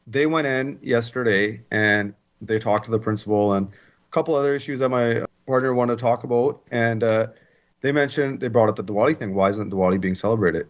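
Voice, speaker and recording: Easygoing man, slightly dull sound. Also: medium pitch. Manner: easygoing, repeats words. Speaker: hockey analyst, guest. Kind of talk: casual conversation.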